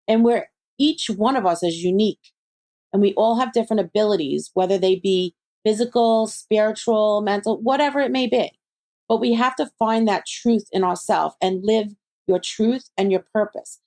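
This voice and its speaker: A woman talks as a guest on a podcast. She tells stories in an animated way, slipping into her friends' voices, then settles into calm advice. Her pitch sits in a middle range. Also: moderate pace. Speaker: psychic medium guest. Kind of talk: conversational interview.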